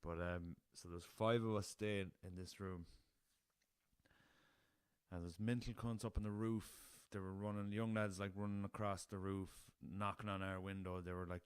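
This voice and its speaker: A man's voice: low voice, flat delivery, normal speed, clean tone, dry recording. An Irish man hosting a casual solo podcast, rambling through a story and swearing freely, recorded on a laptop. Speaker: podcast host.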